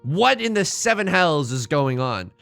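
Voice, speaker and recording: A man's voice: a little high, big pitch swings, unhurried, creaky, fairly bright tone, no echo, soft background music, heavily acted. A man voicing a pompous, indignant male noble who hurls insults in theatrical outrage. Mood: outraged.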